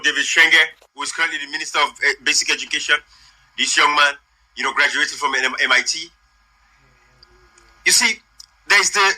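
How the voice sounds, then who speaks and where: A man's voice: medium pitch, bright, forceful tone, slightly rough, low-quality recording. A man from Sierra Leone with a Sierra Leonean accent giving rambling casual commentary as host, slipping pidgin into his English. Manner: rambling, mixes pidgin into English, many fillers.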